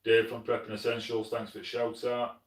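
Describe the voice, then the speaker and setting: A man's voice: medium pitch, completely flat delivery, fairly quick, recorded from a distance. A man with a South Yorkshire accent hosts a live stream from his lodge, answering viewer comments in a friendly, plain-spoken way and often calling people mate. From Sheffield, South Yorkshire, England. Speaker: hunting channel host. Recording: echoey room, mic some way off.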